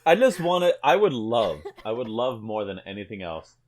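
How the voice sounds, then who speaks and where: Podcast panelist, male, lively swinging delivery, acts out quoted lines. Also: medium pitch, normal speed. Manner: animated, acts out comic dialogue. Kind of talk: casual comic-book chat.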